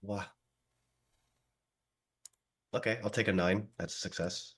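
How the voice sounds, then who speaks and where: A man playing a tabletop game, describing his character's actions slowly and hesitantly. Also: on the low side, steady tone. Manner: slow, hesitant, full of fillers. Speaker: player.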